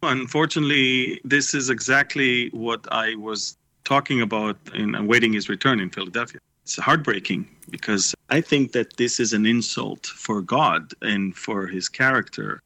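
A man's voice: mid-range voice, normal speed, few pauses, pushed and bright, no echo. A man giving an impassioned, indignant commentary as a guest on a religious talk program. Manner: emphatic, indignant. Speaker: ministry guest.

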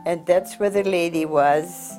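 An older woman from Germany, earnestly recounting her past, pausing and restarting as she remembers. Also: lowish voice, warm tone, soft background music. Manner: earnest, heartfelt recollection with halting restarts. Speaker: survivor giving testimony. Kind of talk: personal storytelling.

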